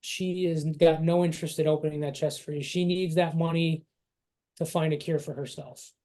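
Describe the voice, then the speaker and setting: A man narrating a tabletop game as game master, halting and restarting as he describes scenes and characters. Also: on the high side, flat delivery, dark tone.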